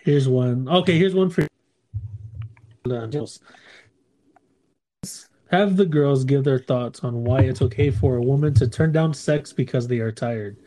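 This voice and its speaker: This is a man co-hosting a relaxed home podcast. His voice sits dark and mellow, and he rambles through listener emails with plenty of jokes and laughter along the way. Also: medium pitch, measured pace, long pauses. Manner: loose and joking, laughs often, reads listener emails aloud. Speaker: podcast co-host. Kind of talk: casual chat.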